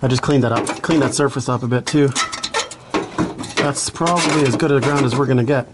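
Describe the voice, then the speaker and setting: A man's voice: mid-range voice, fairly even intonation, fairly quick, very noisy. A man doing a casual garage vlog as a home mechanic, blunt and self-deprecating, swearing now and then, out of breath at times.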